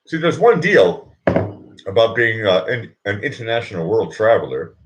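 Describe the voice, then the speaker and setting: A man's voice: on the low side, sing-song, moderate pace. A man hosting his own live show, talking in a rambling comic monologue that keeps looping back on itself and restarting. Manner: rambling, keeps repeating "look", stops and restarts.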